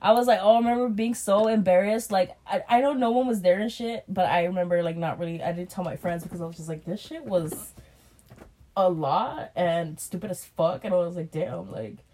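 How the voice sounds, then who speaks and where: Speaking a little fast in a lowish register, this woman co-hosts a podcast and tells a casual story about a date gone wrong. Her retelling is profane and lively, with both parties' lines performed as quoted dialogue.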